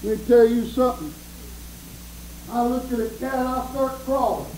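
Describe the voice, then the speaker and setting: A preacher delivers a sermon in a high-pitched voice. He tells folksy stories and breaks into shouts of praise. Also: moderate pace, slight background noise, low-quality recording.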